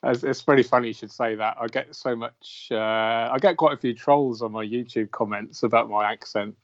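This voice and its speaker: Relaxed Englishman guest on a podcast. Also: medium pitch, moderate pace, dull audio. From England. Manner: relaxed, laughs easily, some hesitations. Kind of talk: casual interview chat.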